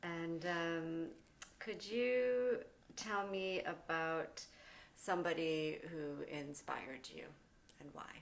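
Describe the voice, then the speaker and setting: A woman interviewer with a somewhat low voice. She keeps her questions short and prompting, moving the conversation along. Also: takes it slowly.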